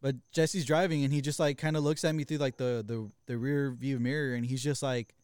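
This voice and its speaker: A young man co-hosting a podcast, retelling a tense night in a profane, fast, casual way with quoted voices. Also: medium pitch, fairly even intonation, a little mellow, smooth, no echo, clean studio sound. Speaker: podcast co-host. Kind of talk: casual storytelling chat.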